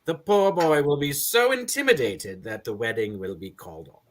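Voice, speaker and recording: A woman's voice: very deep voice, huge pitch swings, normal speed, heavily acted. A woman reading the part of a witty, sardonic female decorator in a live script reading. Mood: sly. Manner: crisp, dry, sardonic comebacks. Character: sharp-tongued witty female interior decorator.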